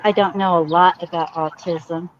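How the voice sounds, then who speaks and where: A woman's voice: fairly low pitch, steady tone, normal speed. A woman chatting about a news case, opinionated and indignant. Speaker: co-host. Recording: dull lo-fi sound with faint noise.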